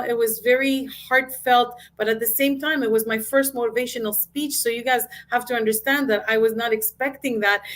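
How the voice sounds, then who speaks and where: A middle-aged woman, a business coach and guest speaker, telling her life story in an interview with emotion and acted-out quotes. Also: on the high side.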